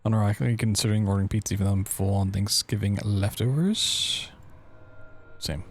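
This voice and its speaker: A man's voice: lowish voice, fairly even intonation, brisk. A young man streaming a game, chatting casually and joking with viewers in a mock-dramatic way. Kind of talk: casual livestream chat while gaming.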